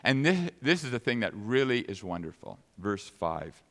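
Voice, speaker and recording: A man preaching a sermon, retelling a scripture story with dramatic, animated delivery. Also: mid-range voice, normal speed. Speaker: pastor. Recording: long reverb of a large hall.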